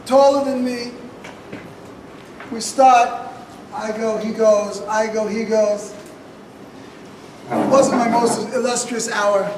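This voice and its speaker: A man's voice: very high voice, slight background noise. A man telling a personal story to an audience, in short punchy sentences with wry humor. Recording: echoey room picked up from a distance.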